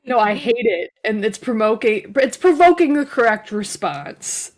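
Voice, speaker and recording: A woman playing a tabletop game, animated and emphatic. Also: fairly high pitch, normal speed, slight background noise. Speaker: player.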